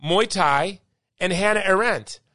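A man's voice: high voice, measured pace, bright, forceful tone, no echo, studio quality. A male podcast host giving an opinionated monologue, emphatic and worked-up yet still upbeat.

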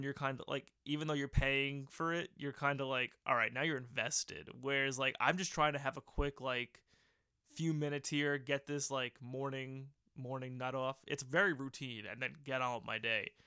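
A man's voice: medium pitch, normal speed, sharp tone, smooth, no room sound, studio quality. A young man hosting a casual solo podcast from his old bedroom, rambling and joking crudely and laughing at his own stories. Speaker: podcast host.

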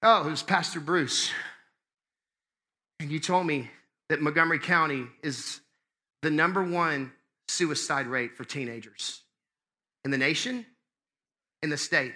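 A man preaching a sermon as pastor, conversational and impassioned, swinging between loud and hushed. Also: fairly high pitch, a little slow, long pauses.

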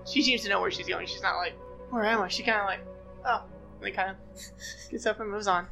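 A woman's voice: mid-range voice, steady tone, fast, creaky, pushed and bright, faint music behind, poor audio. A woman narrating as game master in a tabletop game, casual and rambling with many fillers.

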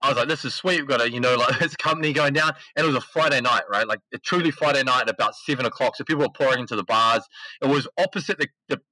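Here the esports CEO races through his story as a podcast guest, his mid-range voice animated and slangy as he acts out what people said. The audio is dry and poor.

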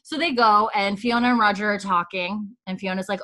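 A woman's voice: mid-range voice, fairly quick, few pauses, fairly bright tone. A woman from Canada, a podcast co-host recapping a TV episode in casual chat, laughing often and acting out lines. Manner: chatty, laughs often, acts out quoted lines.

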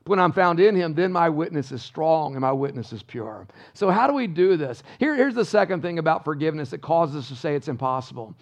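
Male pastor, church sermon, emphatic, rhetorical questions, gravelly, muffled lo-fi recording. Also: on the high side, lively intonation, brisk, few pauses. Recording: dull lo-fi sound.

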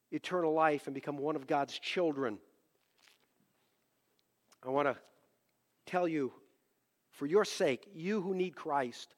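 A male pastor preaches with passion in a fairly high voice, swinging from hushed pleading to loud emphasis. The room adds a long, trailing reverb to every line. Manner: impassioned, climbs into loud emphatic peaks. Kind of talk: sermon.

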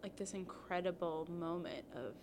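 Unhurried woman with a lowish voice, weighing her words in a faith chat, heavy noise behind. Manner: thoughtful, hesitant with many ums. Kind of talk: casual faith conversation. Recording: noisy recording.

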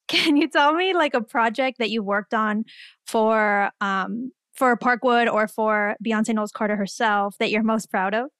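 An enthusiastic woman hosts a casual podcast interview, reacting with gasps and laughter. Her voice sits a little high and sounds close and dry on the mic. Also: a bit bright, smooth, no room sound. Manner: enthusiastic, quick to gasp and laugh. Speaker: podcast host.

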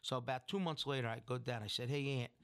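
A man's voice: medium pitch, fast, a bit bright. A middle-aged man, a restaurant owner telling a long story in an interview. He rambles, restarts his sentences and acts out what people said. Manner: rambling, with restarts and acted-out quotes. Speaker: restaurant owner and food entrepreneur.

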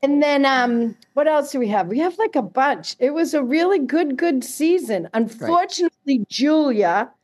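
Chatty guest: woman, bright higher pitch, laughs a lot, animated storyteller. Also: normal speed, few pauses. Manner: lively, chatty storyteller who laughs often. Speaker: guest, casting agency co-owner. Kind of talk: casual chat.

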